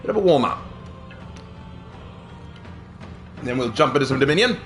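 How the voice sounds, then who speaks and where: A man's voice: mid-range voice, animated, racing, a bit bright, faint music behind. A male gaming streamer commentating his gameplay live in an exaggerated, put-on British accent, jokey and theatrical, peppering his talk with stock posh phrases.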